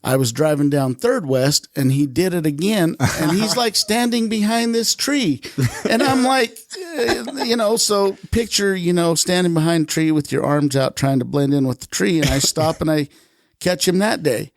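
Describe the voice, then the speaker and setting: A man in his fifties, a retired police officer, telling a casual story as a podcast guest. He talks in an animated way, swears freely and acts out the lines he quotes. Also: on the high side, moderate pace, no echo, studio quality.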